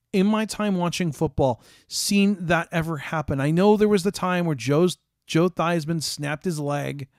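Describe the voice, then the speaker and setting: Man, American, casual stream chat, rambling with ums, slightly high voice, dry sound. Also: smooth, dry recording. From United States. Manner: rambling, frequent ums and restarts.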